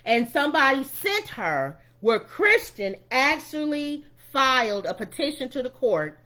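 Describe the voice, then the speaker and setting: A woman co-hosting a casual podcast, retelling a reality show in an animated way and acting out quotes. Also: high voice, measured pace, hardly any pauses. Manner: animated storyteller who acts out quotes, with frequent restarts. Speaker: podcast co-host.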